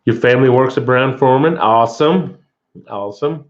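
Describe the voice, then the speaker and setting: A man hosting a casual livestream in a relaxed way, reading viewer comments aloud and answering them. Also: mid-range voice, normal speed. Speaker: livestream host. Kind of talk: casual live chat. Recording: dull lo-fi livestream audio.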